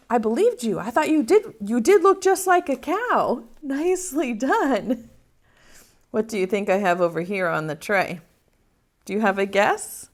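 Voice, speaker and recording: A woman teaching an online preschool class in a slow, sing-song, encouraging voice, leading a song and a memory game. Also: a little high, sing-song. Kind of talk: children's circle-time lesson.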